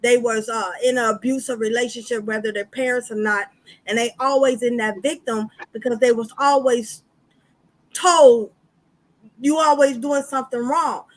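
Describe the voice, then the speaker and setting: High-voiced blunt woman co-host. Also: fairly even intonation, normal speed, rough recording. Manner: frank and blunt, swears casually. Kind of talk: casual chat.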